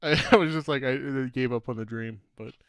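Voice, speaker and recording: A man's voice: medium pitch, quick pace, clear, resonant tone, no room sound. Male podcast co-host, casual rambling storyteller, laughs through his own stories, dry close sound. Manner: rambling storyteller, laughs often, trails off mid-sentence. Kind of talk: casual chat.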